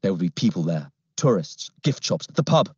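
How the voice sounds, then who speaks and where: A man narrating an adventure audiobook in first person with a steady storytelling manner. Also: deep voice, normal speed, husky, no room sound. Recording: dull lo-fi, dry recording.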